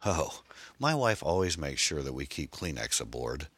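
A narrator doing a calm, kindly man. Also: rumbling low, normal speed, breathy edge, dry recording, exaggerated voice. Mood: reassuring. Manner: calm, reassuring.

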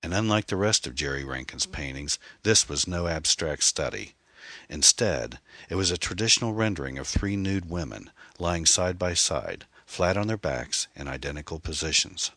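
A man narrates a mystery audiobook in a steady, suspenseful manner. His voice sits very low, husky and forceful. The recording is dry and close. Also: normal speed, no echo.

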